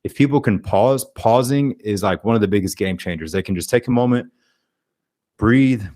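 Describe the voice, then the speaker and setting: Low-voiced man, animated. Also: normal speed, dry recording, clean studio sound. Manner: energetic, acts out quoted speech. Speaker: podcast guest, life coach. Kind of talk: casual interview chat.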